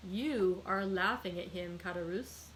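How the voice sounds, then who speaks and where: A woman's voice: fairly low pitch, a little slow, slight background noise, lightly acted, low-quality recording. Woman reading as a sly scheming guy, dry and insinuating, storybook voice. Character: sly scheming man, cool and needling.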